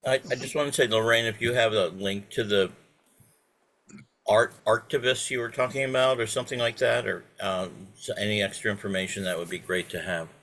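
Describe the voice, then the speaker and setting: A man on a video call, talking at length in a halting way with many restarts. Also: lowish voice, fairly even intonation, fairly bright tone. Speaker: participant. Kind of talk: casual video call chat.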